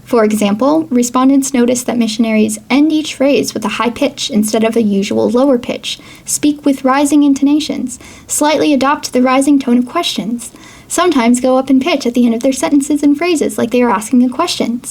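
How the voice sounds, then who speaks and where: A woman's voice: high voice, a little fast, darkish tone. A woman hosting an educational video, chatty as she reads quotes and comments. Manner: chatty, reads quotes aloud, laughs now and then. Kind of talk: casual educational vlog narration.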